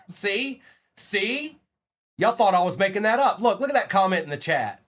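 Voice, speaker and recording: A man's voice: sits high, fast talker, a little hiss or hum. A man hosting a live trading card break stream, calling out each card and chatting casually with viewers. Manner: animated, calls out cards while chatting with viewers.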